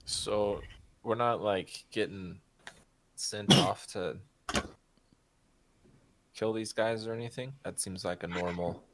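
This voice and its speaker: Male player, low and mumbly, offhand. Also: slow pace, long pauses, background noise. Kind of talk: casual game chat.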